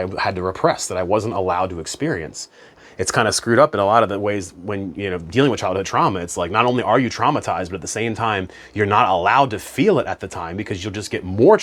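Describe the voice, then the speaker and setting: Guy with a lowish voice chatting about spiritual stuff, laid back, lots of you know and man. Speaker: spiritual self-help coach. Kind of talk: casual motivational monologue.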